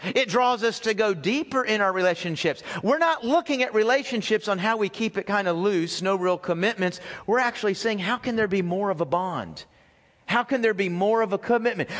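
A man's voice: high voice, a bit bright, big-room sound. A man preaching a sermon as pastor, talking conversationally, asking the congregation questions and repeating his phrases. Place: church sanctuary.

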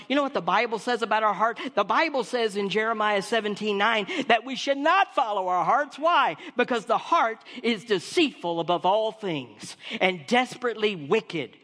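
Emphatic high-voiced preacher in reverb. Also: male voice, animated, moderate pace, hardly any pauses, bright, forceful tone. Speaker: pastor. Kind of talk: sermon.

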